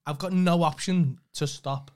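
A man's voice: a little high, fairly even intonation, measured pace, a little mellow. A man, a comedian co-hosting a podcast, talking casually with lots of swearing and stumbling restarts. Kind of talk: casual chat.

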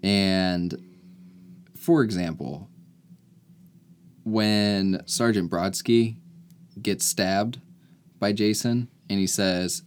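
A man's voice: lowish voice, extremely slow, pauses often. A man co-hosting a casual movie review podcast, talking with dry, wry humor. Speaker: podcast co-host.

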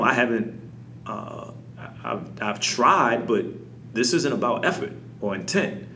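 A man's voice: mid-range voice, fairly bright tone. A man who is a parent, talking earnestly and emphatically in a casual podcast conversation. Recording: echoey room with faint noise.

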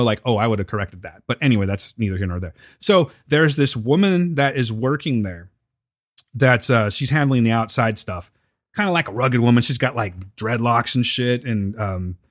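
Profane, animated man telling a story. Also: medium pitch, no echo, clean studio sound. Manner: profane, animated, acts out quotes. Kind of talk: casual storytelling chat.

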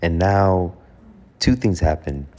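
Low-voiced man giving casual advice. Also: animated, slow pace, dark tone. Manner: conversational, self-correcting, acts out example dialogue. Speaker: host.

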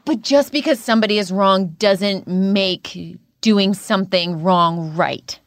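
A woman's voice: mid-range voice, slow pace, no room sound, studio quality. A woman co-hosting a podcast, speaking frankly with a motherly tone. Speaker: podcast co-host. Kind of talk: casual chat.

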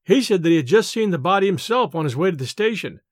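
A man reading classic stories aloud in a measured, dramatic narration. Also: high-pitched, animated, no echo, studio quality. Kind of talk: scripted story narration.

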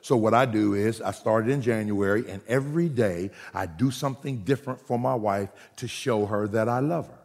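Gravelly pastor guy preaching, jokey, goes loud then soft, big reverby hall. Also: fairly low pitch, normal speed, hardly any pauses. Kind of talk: sermon. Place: church hall.

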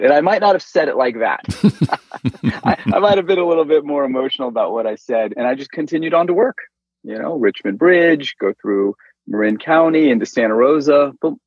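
A middle-aged man from Northern California, an interview guest telling a personal faith story in an animated way and acting out quoted lines. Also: medium pitch, no echo. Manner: animated storyteller who acts out quoted speech. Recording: dull lo-fi dry sound.

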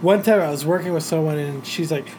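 High-voiced blunt man giving advice. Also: quick pace, a little mellow, slight background noise, rough recording. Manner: blunt, laid-back advice-giving, swears. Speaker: podcast co-host. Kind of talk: casual crude chat.

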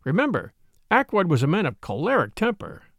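A man reading the part of a measured, reserved middle-aged doctor in an audiobook. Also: high-pitched, wildly swooping pitch, fairly bright tone, no echo, clean studio sound, exaggerated voice. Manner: careful, reserved.

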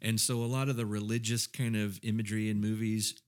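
Male panelist, low voice, chatty and meandering, restarts a lot; from the American South. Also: flat delivery, fast. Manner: rambling with many fillers and restarts. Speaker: podcast panelist. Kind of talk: casual chat.

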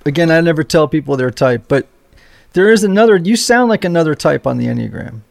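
A man hosting a podcast interview, thoughtful and halting as he speaks. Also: on the high side, animated, vocal fry. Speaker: podcast host.

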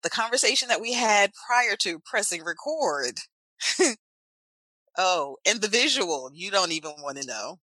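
A woman with a New Jersey accent chatting on a podcast as a guest, animated and playful. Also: mid-range voice, measured pace, husky, dry recording, poor audio. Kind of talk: casual podcast chat.

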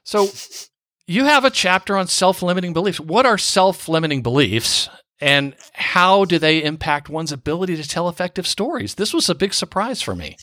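A man's voice: high-pitched, big pitch swings, moderate pace, bright, forceful tone. A man hosting an interview podcast, asking questions in a playful, joking manner. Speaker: podcast host. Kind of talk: conversational interview.

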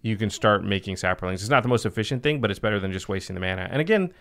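A man's voice: fairly low pitch, lively intonation, racing, a bit bright. A man hosting a casual podcast chat, explaining card game decks at length and laughing easily. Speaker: podcast host.

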